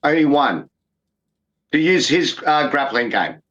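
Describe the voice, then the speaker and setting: This fight-podcast co-host is in his fifties and has a voice on the high side, fairly bright and very animated, though his delivery is a little slow. He swears freely and banters casually about sports in emphatic, repetitive bursts. The recording sounds dull and lo-fi.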